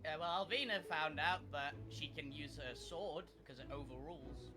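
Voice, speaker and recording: A man's voice: a little high, normal speed, over music. A man playing a tabletop game on an online voice call, telling what his character does and laughing through his lines. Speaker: player.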